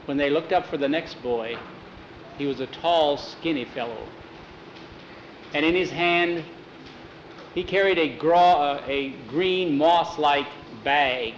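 A man with a slightly high voice narrates a homespun tale in an easygoing, repetitive way, stacking "he said" after "he said." A faint noise runs under the recording. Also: roomy sound, low-quality recording. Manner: unhurried, homespun narration with many "he said" tags and small restarts. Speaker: storyteller. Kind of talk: oral storytelling, reading out a boarding-school tale.

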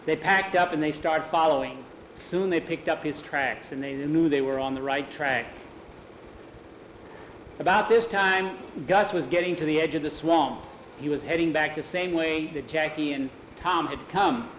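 A man's voice: fairly high pitch, moderate pace, a bit bright, echoey room, lo-fi sound, slight background noise. A man telling an improvised adventure story aloud in a casual way, with restarts and many "he said"s. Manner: casual, repeats "he said", restarts words.

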